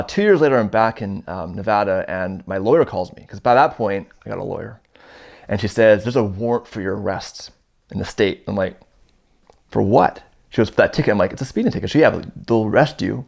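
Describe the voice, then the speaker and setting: A man in his thirties from Canada, telling a story in a casual, animated way. His voice sits a little low, and he acts out the people in his tale as he goes. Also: brisk, creaky. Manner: animated, acts out quoted dialogue in his stories. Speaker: storyteller guest. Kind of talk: casual first-person storytelling.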